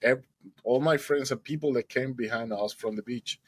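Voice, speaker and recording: Husky man telling a personal testimony. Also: mid-range voice, normal speed, dry recording, poor audio. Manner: emotional storytelling, acts out quoted dialogue, non-native grammar. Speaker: guest telling his own story.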